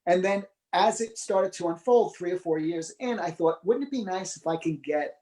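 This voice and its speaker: A man's voice: sits high, moderate pace, poor audio. A man telling his life story in an interview, acting out the voices of people he quotes. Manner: animated, acts out quoted dialogue. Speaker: psychic medium guest.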